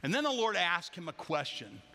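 Man, pastor, lively sermon, bright forceful voice, slightly high, long hall reverb. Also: moderate pace. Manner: lively, joking, acts out voices. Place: large church hall.

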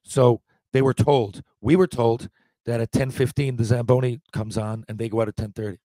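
A man's voice: medium pitch, normal speed, no echo. Profane man in his forties telling stories. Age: 40s. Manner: profane, rambling, animated anecdotes. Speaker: podcast guest. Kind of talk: casual storytelling.

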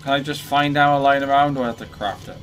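A man's voice: medium pitch, fairly even intonation, fast, a little hiss or hum. A young man commentating a horror game as he plays, swearing often and yelping when startled. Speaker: gaming channel host.

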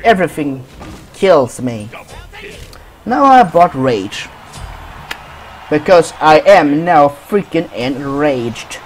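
A man's voice: on the high side, big pitch swings, slow, long pauses, soft background music. Man swearing through game commentary. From Sweden. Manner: swears a lot, trash-talks opponents. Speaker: gaming commentator. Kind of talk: profane gameplay commentary.

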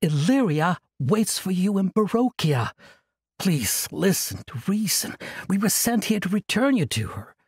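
A man's voice: high-pitched, sing-song, measured pace, slightly rough, no room sound, studio quality, pitched above the performer's own voice, exaggerated voice. A man voicing an earnest, pleading young man.

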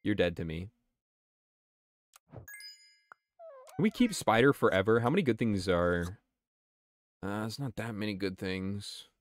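A man's voice: fairly low pitch, expressive, a little slow, pauses often, no echo. A man streaming a game, talking casually and swearing while he answers his chat. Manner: chatty and profane, answering chat. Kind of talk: casual gameplay commentary.

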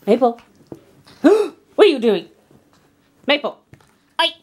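Her voice sits high and sounds slightly rough as she coos baby talk at her dog, with gasps and giggles mixed in. It's a home vlog shot indoors on a handheld camera, and the dog can be heard in the background.

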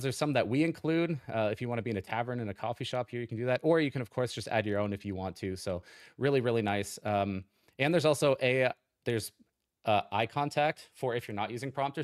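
A man's voice: medium pitch, fast, clean tone, dry recording, studio quality. A man presenting a product on a livestream, upbeat and conversational, with a desk mic on an arm. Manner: upbeat, conversational, many fillers.

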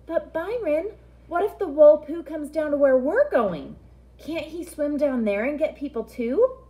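A woman voicing a timid little girl who sounds high and anxious. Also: expressive, fairly quick, a little mellow, close to an everyday voice. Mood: worried.

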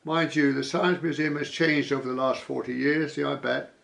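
A man's voice: medium pitch, level tone, moderate pace, gravelly, a bit bright. A man vlogging casually, reading viewer comments aloud with dry asides and frequent chuckles.

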